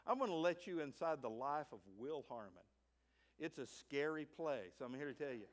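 A middle-aged male pastor preaching a sermon in an animated way, moving from hushed asides to loud, emphatic lines. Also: a little high, moderate pace. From United States. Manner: acts out a child's voice in stories.

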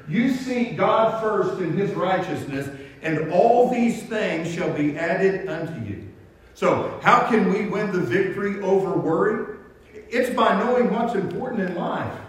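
High-voiced pastor in an echoey hall. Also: male voice. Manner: storytelling with stammered restarts. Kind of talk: sermon. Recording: echoey hall, mic from far off.

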